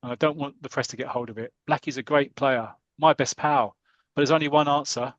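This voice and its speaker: A man voicing a calm, firm male player-manager from a comic strip in a level, matter-of-fact way. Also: mid-range voice, a little fast, no echo, lo-fi sound, close to an everyday voice.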